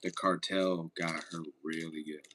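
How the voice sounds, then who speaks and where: A man's voice: sits low, level tone, measured pace, sharp tone, a little hiss or hum. A man streaming casually, chatting with viewers and joking around in a laid-back way. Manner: laid-back, joking, reads chat aloud. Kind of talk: casual livestream chat.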